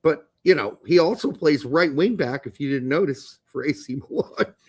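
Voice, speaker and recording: A man's voice: on the high side, expressive, normal speed, husky. A man co-hosting a soccer podcast, speaking bluntly with casual swearing and joking asides. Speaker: podcast co-host.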